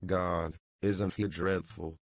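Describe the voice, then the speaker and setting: A brash young man full of mockery and gaiety, read by a male audiobook narrator. The delivery stays low and unhurried, with a gravelly edge. The sound is dry and close. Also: flat delivery, no echo, exaggerated voice. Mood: mocking. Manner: brisk, gay, teasing. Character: jaunty mocking young man, brash joker.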